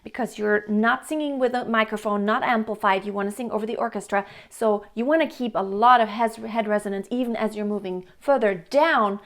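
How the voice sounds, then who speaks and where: High-voiced woman vocal coach. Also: fairly quick, few pauses. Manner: explains plainly, breaks into sung demonstrations. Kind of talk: singing lesson.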